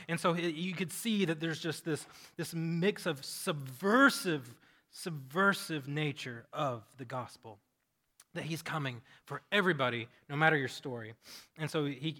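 A man's voice: on the high side, moderate pace, bright, forceful tone. A man pastor giving a conversational sermon, telling stories animatedly with frequent restarts.

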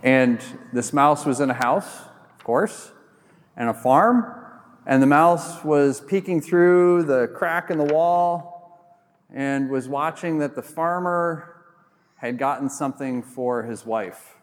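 A male pastor reading scripture and then telling a fable in a conversational, animated sermon style. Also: a little high, slow pace. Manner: conversational, animated storyteller with fillers. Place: church. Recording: reverberant church sanctuary.

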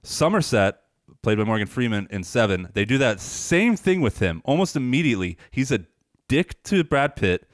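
A man's voice: mid-range voice, big pitch swings, normal speed, no echo, studio quality. A man co-hosting a podcast, chatting casually and jokingly about a film while working through a list of points. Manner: joking, listing points from notes. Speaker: podcast co-host. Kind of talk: casual movie chat.

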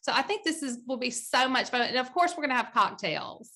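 A woman's voice: high voice, lively intonation, fairly quick, sharp tone. A woman chatting casually and eagerly about plans for her book club's cooking night. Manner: eager, upbeat, explaining plans. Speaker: book club organizer. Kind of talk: casual chat.

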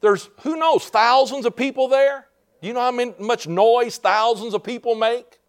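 A man preaching a fervent sermon as pastor, building to shouts and calling out "Amen?" to the congregation. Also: extremely high pitch, normal speed, clean tone.

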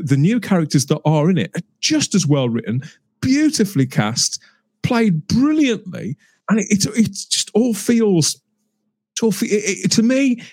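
A man's voice: fairly high pitch, a little mellow, no echo. A man in a casual podcast discussion, talking with enthusiasm and frequent restarts. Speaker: podcast co-host.

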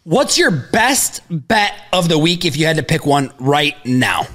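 A man hosting a sports betting podcast, talking in animated, casual banter with easy laughter and a habit of hedging his picks. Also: fairly high pitch, measured pace.

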